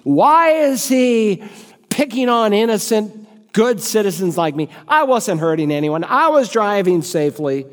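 A man's voice: high-pitched, expressive, normal speed, big-room sound, pitched above the performer's own voice. A man voicing a proud, hot-tempered male company boss who barks indignant orders. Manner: barking, indignant.

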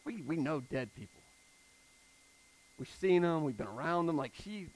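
A man preaching a conversational sermon, moving between hushed scripture reading and emphatic retelling. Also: a little high, lively intonation, moderate pace, rough recording. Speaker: pastor.

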